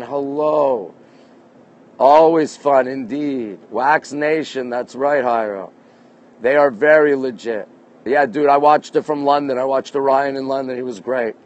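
The sound is muffled as this Canadian man, voice mid-range and a little mellow, streams live at night from his rooftop deck using a phone in his hand. He keeps things upbeat, reading comments and greeting viewers by name.

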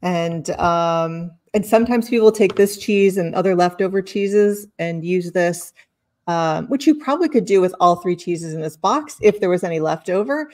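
Chatty woman with a low voice. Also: lively intonation, moderate pace, a little mellow. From lives in Sicily. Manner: chatty, explains with many fillers and self-corrections. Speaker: cheese box host. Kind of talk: casual cheese tasting chat.

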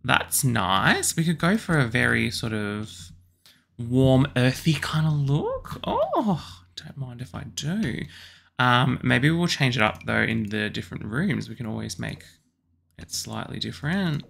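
A young Australian man chatting casually and excitedly as he builds a house in a video game, with lots of apologetic asides. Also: medium pitch, a little slow, vocal fry. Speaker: YouTuber building houses in a life-sim game. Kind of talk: casual gameplay commentary.

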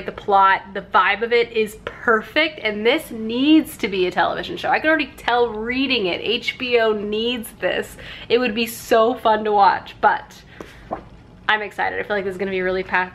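A woman's voice: on the high side, a bit bright. A young woman talking casually to her camera at home in a chatty, upbeat way, with lots of fillers. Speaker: booktube vlogger. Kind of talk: casual vlog chat. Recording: faint background noise.

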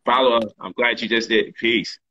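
A man's voice: medium pitch, steady tone, normal speed, bright, forceful tone, highs cut off, a little hiss or hum. A man hosting a casual livestream monologue, emphatic and repetitive in his talk, full of slang. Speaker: livestream host and author.

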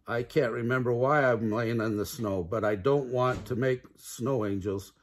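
An older man voicing a forgetful, cheerful female storybook character in a husky voice with eager exclamations. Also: mid-range voice, normal speed, close to an everyday voice. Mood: puzzled.

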